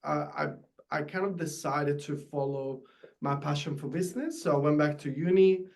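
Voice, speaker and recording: Italian accent, man, guest speaker, slightly high voice, eager, halting restarts. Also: creaky, darkish tone. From Italy. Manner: enthusiastic, halting with many restarts. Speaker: guest, tailor. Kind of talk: casual interview.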